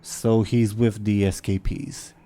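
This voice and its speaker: A man playing a flustered, rushed city guard. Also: on the low side, level tone, warm tone.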